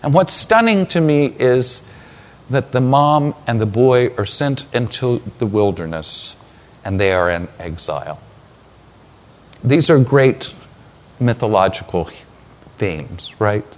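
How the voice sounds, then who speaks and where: A man preaching a sermon, retelling scripture as a story with dramatic pauses. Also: medium pitch, lively intonation.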